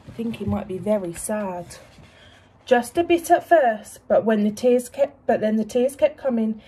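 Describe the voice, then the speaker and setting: A woman teacher reading a picture book to young children, expressive and asking them questions. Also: fairly high pitch, unhurried, slightly rough.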